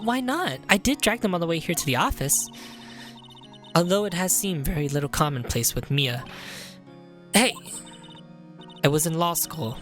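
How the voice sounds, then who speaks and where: A woman streamer reading out a game and commenting in a casual, joking way, swearing and laughing at herself. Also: sits low.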